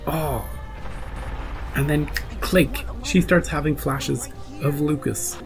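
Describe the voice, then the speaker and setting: Gravelly-voiced man, excitedly recapping a show episode. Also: on the high side, takes it slowly, over music, low-quality recording. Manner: emotional, retells scenes by voicing his own reactions. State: choked up. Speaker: reaction channel host.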